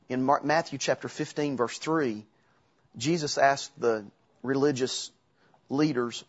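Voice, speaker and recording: A man's voice: medium pitch, measured pace, breathy edge, dull audio. A man preaching a sermon in a conversational way, with asides and self-corrections. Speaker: pastor.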